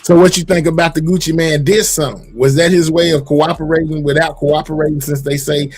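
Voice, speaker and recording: A man's voice: on the high side, fairly even intonation, fairly quick, a little mellow, slightly rough, faint music behind. A man hosting a livestream in casual, laid-back talk full of slang. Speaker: livestream host. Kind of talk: casual chat.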